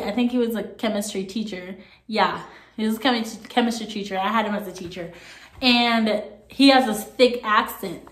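A young woman from Jamaica casually telling a story to her camera, animated and laughing, swinging between quiet asides and loud outbursts. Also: on the high side. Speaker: vlogger. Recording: echoey room.

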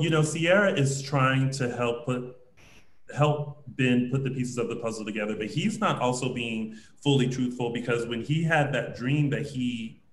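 A man co-hosting a casual chat, reading out viewer comments as he recaps a soap opera. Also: medium pitch. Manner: conversational, reads out viewer comments. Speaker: co-host. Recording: echoey room sound.

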